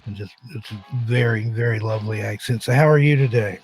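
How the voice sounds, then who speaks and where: A man's voice: on the low side, fairly quick, soft background music. Laid-back man hosting a live show. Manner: relaxed, greets viewers one by one. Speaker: host. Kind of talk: casual live-stream chat.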